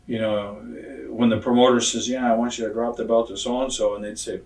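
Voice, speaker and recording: An older man in his sixties tells stories in a casual interview, blunt and profane, and acts out the other people's lines as he goes. His voice sits at an ordinary mid pitch. The room sounds roomy and the mic is set some way off from him. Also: little pitch movement, fairly quick, darkish tone, recorded from a distance. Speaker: retired pro wrestler telling stories. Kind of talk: casual shoot interview storytelling.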